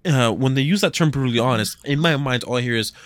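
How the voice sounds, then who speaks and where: A man co-hosting a podcast, musing hesitantly with many pauses and restarts. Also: mid-range voice, dry recording. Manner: hesitant, lots of fillers and restarts. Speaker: podcast co-host. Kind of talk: casual podcast chat.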